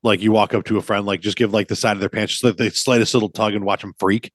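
A man in his thirties, a podcast co-host, chatting casually and telling animated, profane stories. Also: on the low side, fast talker, no room sound.

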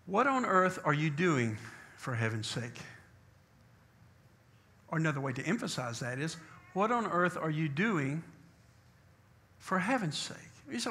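Man pastor, high voice, bright tone, emphatic sermon, rhetorical questions. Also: big pitch swings. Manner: emphatic preacher, rhetorical questions, slows for scripture.

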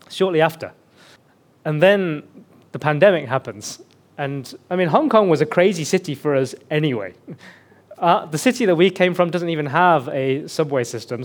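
English guest pastor, chatty sermon. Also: male voice, a little high. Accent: Birmingham, mostly suppressed. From England. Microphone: headset mic slipping off.

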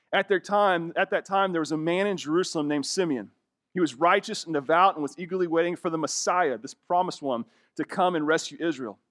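A man's voice: a little high, dry recording. Man, pastor, sermon, conversational, emphatic, dry close sound. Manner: conversational, emphatic preaching with rising bursts.

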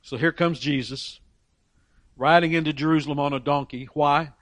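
A man's voice: fairly high pitch, fairly even intonation, normal speed, no room sound. A man preaching a sermon, emphatic, reading scripture aloud and briefly acting out the voices of people in the story. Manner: emphatic, voices characters in Bible stories.

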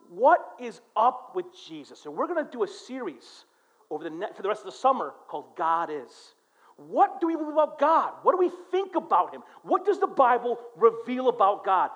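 Middle-aged male pastor, high and very animated sermon delivery, acts out quoted voices. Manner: storytelling, lively voices for quoted people, swings from quiet to loud. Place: church.

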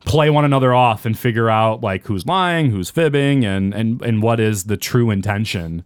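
A man's voice: on the low side, expressive, moderate pace, smooth, dry recording, studio quality. A man co-hosting a podcast in casual chat, rambling with fillers and restarts. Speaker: podcast co-host.

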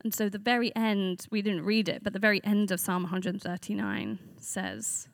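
A woman's voice: mid-range voice, animated, moderate pace, few pauses, no echo, studio quality. A woman giving a conversational sermon to a church group, earnest and reflective, speaking off the cuff.

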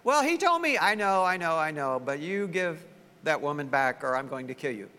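A man preaching a sermon as pastor, telling the story with lively acted-out voices. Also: on the high side, moderate pace, clear, resonant tone, in a large hall. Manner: animated storytelling, acting out voices of the story's people.

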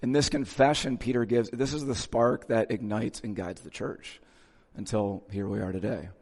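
A man's voice: fairly low pitch, fairly even intonation, normal speed, darkish tone, in a large hall. A male pastor giving a conversational sermon in a church, casually checking in with his listeners as he goes.

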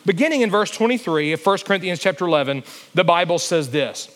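This young pastor from Alabama sounds animated and fast, his high voice fairly bright as he preaches through stories and draws responses from the congregation. The recording has the long reverb of a church hall.

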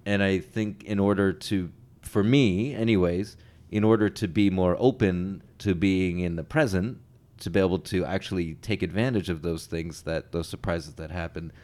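A man with a very low voice co-hosting a storytelling podcast. He talks in a relaxed, loose way and often repeats his phrases as he thinks. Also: moderate pace. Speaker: podcast co-host. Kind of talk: casual podcast chat.

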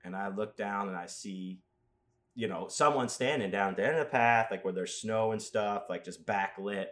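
Rambling low-voiced man telling stories. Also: normal speed. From Las Vegas. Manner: rambling storyteller, animated asides, crude jokes. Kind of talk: casual chat.

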